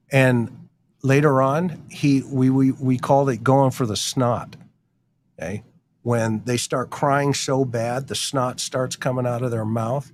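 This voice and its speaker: A man's voice: mid-range voice, fairly even intonation, unhurried, a little hiss or hum. A middle-aged man, a former detective, telling blunt, wry stories in casual chat and acting out the quotes. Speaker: retired detective guest.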